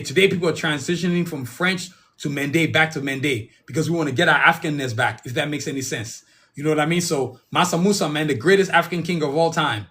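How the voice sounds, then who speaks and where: A man's voice: fairly high pitch, a bit bright. A man hosting a solo podcast in a casual, rambling way, repeating himself and calling out to the listeners. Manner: rambling, repeats himself, calls the audience "y'all". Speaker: podcast host.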